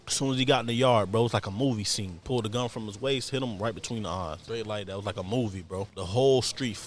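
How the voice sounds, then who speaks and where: A man's voice: medium pitch, very fast, hardly any pauses. A young man from Florida, a podcast guest, telling stories in laid-back street slang and acting out the voices of people in them. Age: young adult. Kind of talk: storytelling in a podcast interview.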